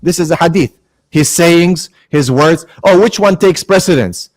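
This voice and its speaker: A man's voice: a little high, measured pace, no room sound. A man arguing his side in a heated online debate, pointedly mixing Arabic religious terms into his speech.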